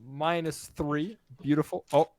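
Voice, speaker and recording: A man's voice: fairly high pitch, fairly even intonation, unhurried, darkish tone, a little hiss or hum. A man running a tabletop game as game master, casually counting out moves and rulings. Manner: casual, counts out movement step by step.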